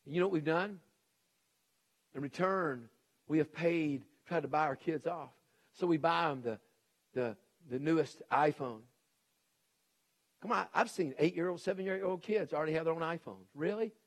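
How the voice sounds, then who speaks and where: A middle-aged male pastor preaching a sermon, swinging between shouted emphasis and hushed intensity. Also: on the high side, moderate pace, pauses often.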